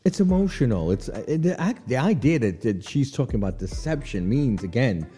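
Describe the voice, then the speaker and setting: A male radio host with a mellow, warm voice whose pitch swings freely as he talks. He chats in a loose, laughing way, dropping "you know what I'm saying" into almost every thought. Faint music plays under him in the studio. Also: sing-song, normal speed, husky. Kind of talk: casual on-air commentary.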